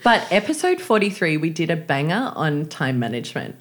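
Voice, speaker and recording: A woman's voice: sits low, big pitch swings, brisk, husky. A woman co-hosting a podcast, chatting and reminiscing in a giggly, casual way. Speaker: podcast co-host. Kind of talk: casual chat.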